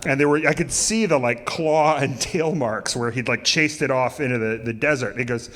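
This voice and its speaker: A man's voice: mid-range voice, moderate pace, hardly any pauses, fairly bright tone. A man from the United States telling a live story on stage, casual and self-mocking, laughing through lines and swearing freely. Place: cultural center stage, live audience. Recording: live hall with long reverb.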